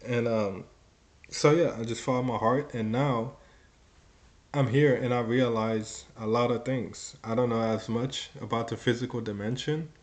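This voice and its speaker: A man's voice: mid-range voice, fairly even intonation, measured pace. A young man in his twenties telling his own story in a rambling, casual way, full of "like" and "you know" and some swearing.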